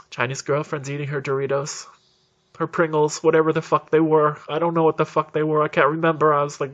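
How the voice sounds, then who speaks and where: An older man telling a profane, animated story, swearing and acting out quotes. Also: fairly high pitch, measured pace. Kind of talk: profane comic storytelling monologue. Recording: dull lo-fi recording.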